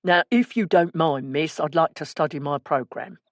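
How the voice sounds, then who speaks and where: Woman playing a gruff east end man, low voice, curt, dry recording. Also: moderate pace, no echo, natural voice. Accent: East End London. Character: gruff middle-aged man, quietly menacing.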